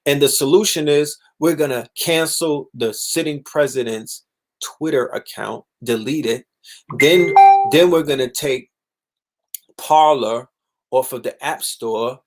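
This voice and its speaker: Young man, livestream host, casual monologue, animated, profane, mocking. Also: mid-range voice, unhurried. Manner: animated, swearing, mocking voices in quotes.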